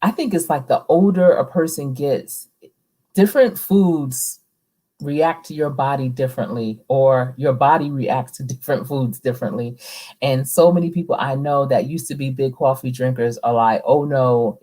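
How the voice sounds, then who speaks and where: A woman's voice: extremely low pitch, warm tone. A woman hosting a casual live stream, chatting with viewers and reading their comments aloud. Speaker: livestream host, coach.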